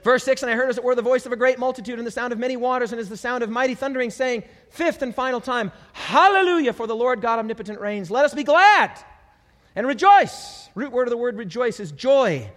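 A man preaching a sermon as a pastor, enthusiastic, breaking into shouted hallelujahs. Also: very high-pitched, steady tone, fast talker, hardly any pauses. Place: church hall. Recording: long hall reverb.

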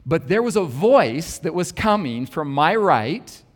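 A man's voice: on the high side, big pitch swings, unhurried. A man preaching, telling a personal story with an earnest, wry and self-deprecating manner. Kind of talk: sermon storytelling. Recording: long hall reverb.

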